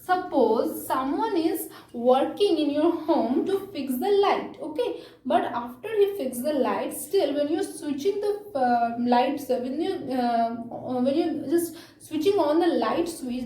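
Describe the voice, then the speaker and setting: A woman teaching an English grammar lesson, explaining slowly with frequent fillers and check-ins like "okay?". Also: high-pitched, expressive, dark tone, roomy sound, a little hiss or hum, rough recording.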